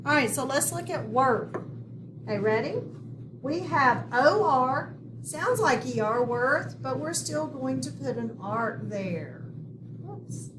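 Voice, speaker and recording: A woman teacher talks children through a phonics worksheet, word by word. She speaks slowly and keeps her voice high. The recording is noisy and picks her up from across a roomy space. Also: lively intonation. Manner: slow, clear, step-by-step instruction. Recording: echoey room, far from the mic, noisy.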